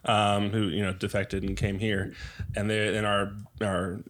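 A man talks casually with friends and tosses in quick, jokey one-liners. He laughs easily. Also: fairly low pitch, level tone. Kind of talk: casual chat.

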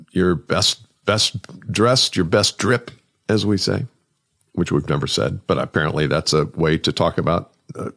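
A man, a sales and business coach, talks alone on his podcast in an energetic, conversational way, often repeating words for emphasis. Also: fairly low pitch. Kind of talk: solo podcast monologue.

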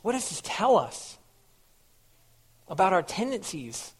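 Guy preaching a sermon, kinda high voice, earnest, keeps repeating himself for emphasis. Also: sing-song, measured pace, slightly rough. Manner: earnest, repeats phrases for emphasis, asks the listeners questions. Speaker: pastor.

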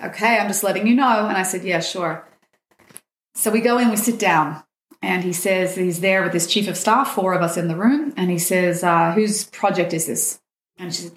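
In an echoey room, a podcast guest who coaches people on dating tells a heartfelt personal story in a lowish voice. She's animated and acts out the words of the people in it.

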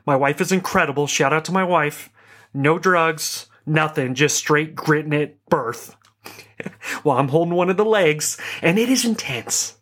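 A man giving a talk on life transitions speaks conversationally, sharing self-deprecating stories and wandering into rambling asides. His voice is a little high and a bit bright, and he keeps a measured pace.

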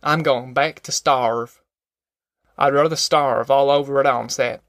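A man's voice: medium pitch, fairly even intonation, a little slow, a bit bright, no echo, studio quality. A man voicing a bitter, worn-down male migrant in an audiobook, with a sly, mocking manner and a drawl. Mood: grim. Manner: sly, mocking giggles turning grim and weary.

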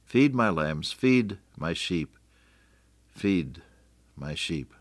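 A man's voice: low voice, dry recording. A man preaching a radio sermon, earnest and repeating phrases for emphasis.

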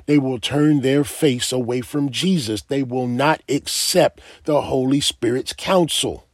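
Slow, husky-voiced male preacher. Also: mid-range voice, no room sound, clean studio sound. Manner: emphatic, asks the listeners direct questions. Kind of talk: sermon.

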